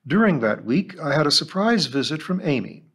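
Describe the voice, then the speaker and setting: A man hosting a book club program who reads a novel aloud with expressive storytelling. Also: a little high, moderate pace, husky. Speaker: host reading a novel aloud.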